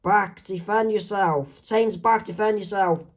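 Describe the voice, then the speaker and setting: A man's voice: high voice, fairly even intonation, a little slow. A man voicing a frantic, paranoid middle-aged male teacher in a homemade comic reading, with shrieking outbursts.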